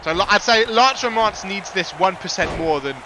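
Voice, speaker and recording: A man giving excitable, jokey live wrestling commentary who bursts into big ring introductions. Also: high-pitched, moderate pace, background noise.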